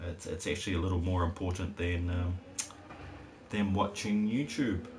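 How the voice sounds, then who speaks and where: Deep-voiced man rambling while streaming. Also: fairly even intonation, normal speed, darkish tone. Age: adult parent. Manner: rambling, jokey asides to chat. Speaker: game streamer. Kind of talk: casual live-stream commentary. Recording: noisy background hiss.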